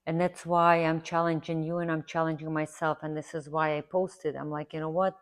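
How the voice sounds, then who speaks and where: Low-voiced woman chatting while she draws. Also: flat delivery, a little fast. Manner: rambling, earnest, repeats herself for emphasis. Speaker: art instructor. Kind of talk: casual chatty tutorial while drawing.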